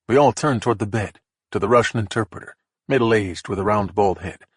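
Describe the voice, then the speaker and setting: Brief: male first-person thriller narrator, husky, matter-of-fact, dry studio read. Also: fairly low pitch, brisk, dry recording.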